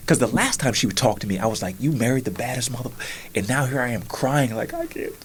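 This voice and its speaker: A man hosting a podcast, telling a personal story in casual conversation and acting out his own past words, sometimes whispering, sometimes rising high. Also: fast talker, a little hiss or hum. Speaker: podcast host.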